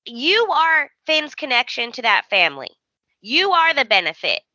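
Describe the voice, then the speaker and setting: A woman's voice: sits high, moderate pace, no echo, lo-fi sound. A woman co-hosting a podcast, recapping a soap opera in casual chat and acting out lines as she tells it. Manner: animated storyteller, acts out lines. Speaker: podcast co-host.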